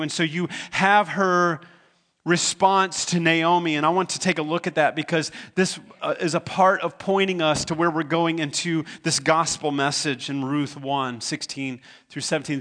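A man's voice: a little high, fairly bright tone. A man preaching a sermon as pastor. He retells a scripture story in his own conversational words, earnest and stumbling now and then over repeated words.

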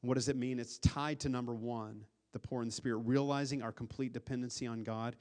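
A pastor preaching a sermon, earnest, with a voice that swells louder and then drops to a hush, often repeating words as he restarts. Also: mid-range voice, steady tone, a little fast. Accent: Upper Midwest American.

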